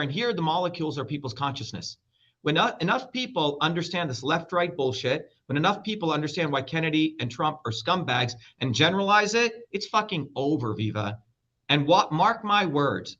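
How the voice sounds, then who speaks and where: A man's voice: on the high side, a bit bright. A middle-aged man speaking as an interview guest, blunt, combative and heavily profane. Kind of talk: heated interview talk. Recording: dull lo-fi sound.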